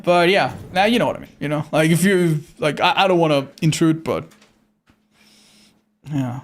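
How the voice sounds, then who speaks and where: A non-native English speaker keeps it casual on a livestream, laughing frequently, swearing freely and reading out chat. His voice is a little high and his pace moderate.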